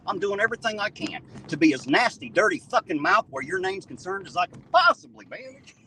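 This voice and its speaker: Profane man, high lively voice. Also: fairly quick, recorded from a distance, slight background noise, poor audio. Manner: profane, crude, mocking, joking. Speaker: livestream host. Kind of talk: casual live-stream chat. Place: outdoors at night, riding in a vehicle.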